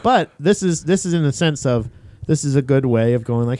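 A man's voice: medium pitch, expressive, fairly quick, warm tone, dry recording. A man co-hosting a comedy podcast who rambles in a crude, jokey way and laughs between lines. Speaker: podcast co-host. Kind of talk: casual comedy chat.

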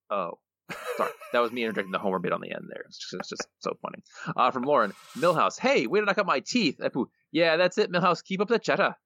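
Brief: male podcast co-host, bright forceful tone, playful reader of listener quotes, dull lo-fi recording. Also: lowish voice, vocal fry, slightly rough, dry recording. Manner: reads quotes aloud with mild playful emphasis. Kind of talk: casual chat, reading listener answers. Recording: dull lo-fi dry podcast mic.

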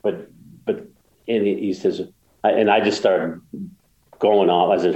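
A man's voice: low voice, fairly even intonation, normal speed, mellow, echoey room, lo-fi sound. A man guest telling a story in a casual interview, rambling with many restarts and getting emotional. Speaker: guest, golf course builder.

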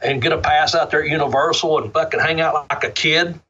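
A man's voice: fairly high pitch, fairly even intonation, brisk, bright, forceful tone. A middle-aged man, a former pro wrestler, telling rambling, profane stories in a laid-back interview. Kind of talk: casual storytelling interview. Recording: dull lo-fi sound.

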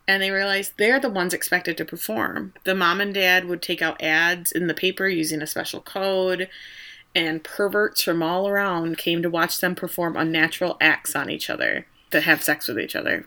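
Woman, podcast co-host, low-pitched, bright forceful tone, chatty recap. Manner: lively storyteller, acts out quoted characters. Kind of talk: casual TV recap chat.

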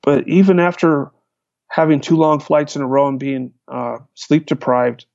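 A man, a hang glider pilot, recounting his flights in a lively storytelling manner. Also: a little high, moderate pace, gravelly, no room sound. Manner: animated, vivid retelling with restarts. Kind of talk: storytelling in a conversation. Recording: dull, lo-fi, dry sound.

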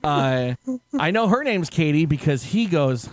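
A man tells a story on a podcast in a casual chat, laughing as he goes and acting out the people he quotes. His voice is lively and swings widely in pitch, a little higher than most men's. The sound is dry and close. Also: unhurried, no echo. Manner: animated, laughing, acts out quotes loudly.

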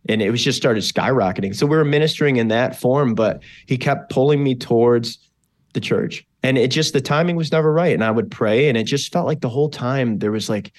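A man from western New York, a pastor talking as a podcast guest, telling his personal testimony in an earnest, animated way, with many fillers and restarts. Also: medium pitch, brisk.

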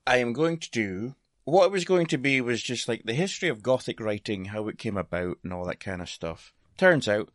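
A man's voice: mid-range voice, expressive, fairly quick, no room sound, studio quality. A Scottish man chatting casually on a podcast, laughing often and swearing in a self-deprecating way. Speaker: podcast guest presenter. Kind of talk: casual chat.

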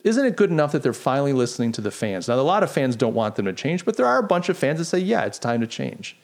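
A middle-aged man hosting a podcast, giving casual commentary in an animated, sarcastic way, firing off rhetorical questions. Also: mid-range voice, rapid-fire. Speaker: podcast host.

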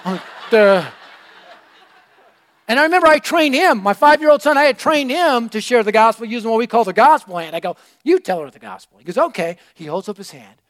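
A middle-aged male preacher telling a story in a sermon, energetic and animated, swinging from loud to hushed. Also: very high voice, fast, hardly any pauses. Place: church room.

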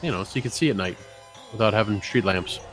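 A man's voice: lowish voice, fast talker, a bit bright, faint music behind. A man co-hosting a podcast, chatting loosely with lots of fillers and swearing. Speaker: podcast co-host. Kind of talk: casual banter.

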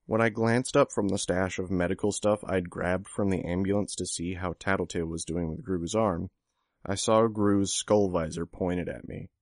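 Male narrator, deep and measured, dry studio-style recording, for audiobook. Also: fairly even intonation, a little mellow, no echo.

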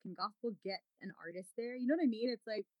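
A woman's voice: fairly high pitch, quick pace, no echo, muffled recording. A woman gospel singer in a casual chat, laughing often and teasing playfully.

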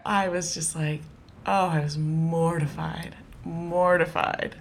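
Young-sounding woman, chatty storyteller, gravelly low voice. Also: fairly even intonation, slow, a little hiss or hum. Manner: chatty, frequent fillers, laughs. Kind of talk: casual storytelling. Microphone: handheld recorder.

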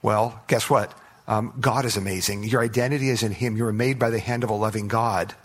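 A man preaching a sermon as pastor, emphatic and rising to loud declarations, asking the congregation rhetorical questions, often stumbling and restarting. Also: lowish voice, steady tone, brisk. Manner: frequent stutters and restarts.

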